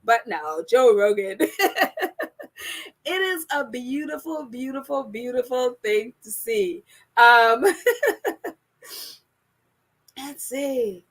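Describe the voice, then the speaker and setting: A woman's voice: fairly high pitch, expressive, slow, long pauses, a bit bright. A woman hosting a casual live chat and reading out viewer comments. Her voice jumps all over the place, and she laughs often.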